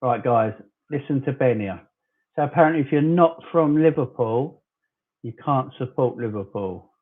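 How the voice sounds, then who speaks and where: A man's voice: mid-range voice, animated, moderate pace. A man in his forties from southern England, hosting a casual fan livestream, chatting loosely and arguing back at commenters he calls "fella". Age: 40s. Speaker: fan channel host. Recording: tinny phone-like sound.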